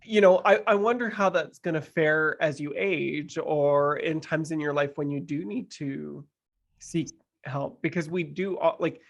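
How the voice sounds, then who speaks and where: A man's voice: fairly high pitch, steady tone, a little slow, vocal fry. A man co-hosting a podcast, chatting casually and teasing his co-host in a playful way.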